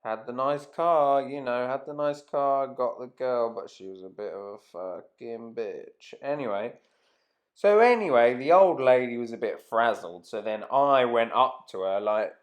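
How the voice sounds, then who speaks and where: A man's voice: mid-range voice, lively intonation, unhurried. A man telling a rambling, casual anecdote to camera, swearing freely and trailing off mid-sentence. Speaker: vlogger.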